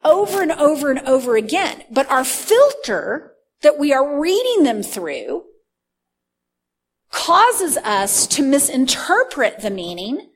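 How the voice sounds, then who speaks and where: A woman preaching a sermon, teaching earnestly and slowing down to stress key words. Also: high-pitched, sing-song.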